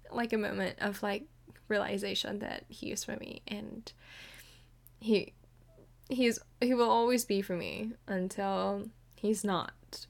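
A woman's voice: medium pitch, creaky, a bit bright. A woman in her twenties talking candidly in a casual vlog, chatty and emotional, with lots of fillers. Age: 20s. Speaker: vlogger.

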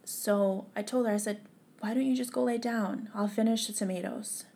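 A young woman, a podcast guest, telling a painful personal story in a tearful, halting way that sometimes drops to a whisper. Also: medium pitch, steady tone, vocal fry, warm tone.

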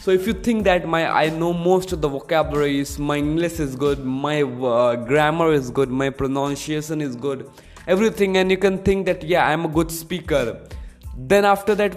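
A man hosting his own solo podcast, explaining in an earnest, repetitive way. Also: on the high side. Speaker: podcast host.

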